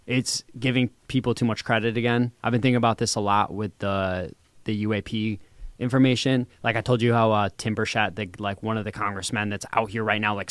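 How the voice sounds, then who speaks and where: Smooth-voiced, thoughtful young man. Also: on the low side, no room sound. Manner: thoughtful and hedging, with fillers like "like" and "uh". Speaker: podcast co-host. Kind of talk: casual chat.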